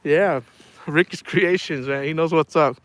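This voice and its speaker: A man's voice: on the high side, unhurried. A middle-aged man chatting casually on a livestream, telling rambling stories and saying "man" a lot. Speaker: livestream host.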